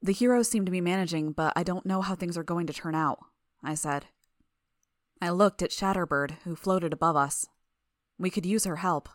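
A woman narrating a first-person fiction audiobook in a steady, even way. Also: fairly low pitch, moderate pace, dry recording, clean studio sound.

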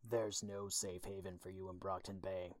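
A man's voice: low-pitched, little pitch movement, normal speed, dry recording, natural voice. A man voicing a cold, threatening young woman who talks in curt, level threats, read as a storybook audiobook. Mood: menacing.

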